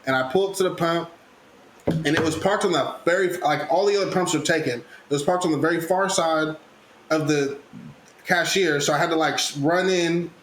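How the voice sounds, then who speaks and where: High-voiced man telling a rowdy story. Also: normal speed. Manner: animated, profane, acts out quotes loudly. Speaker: podcast host. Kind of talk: casual storytelling chat. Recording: echoey room with faint noise.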